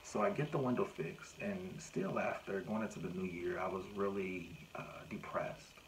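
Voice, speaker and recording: A man, recounting a personal story to camera in a casual, animated way and acting out what people said. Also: low-pitched, normal speed, a little hiss or hum, rough recording. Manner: animated retelling with acted-out quotes. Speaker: vlogger.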